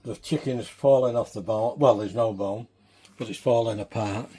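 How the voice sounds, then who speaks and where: A man's voice: on the low side, moderate pace, mellow, slight background noise. A man, chatting casually in a home cooking vlog, rambling and down to earth. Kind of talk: casual chat.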